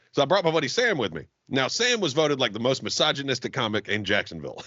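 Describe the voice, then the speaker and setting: A man's voice: fast talker, no echo, dull audio. A man co-hosting a comedy podcast, telling profane stories in casual banter and laughing often. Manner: profane storytelling, laughs often, lively swings in pitch.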